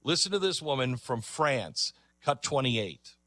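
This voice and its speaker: A man's voice: measured pace, no room sound. A man hosting a reaction show, commenting emphatically on video clips he plays. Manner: animated, emphatic, jumps pitch when excited. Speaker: commentary host.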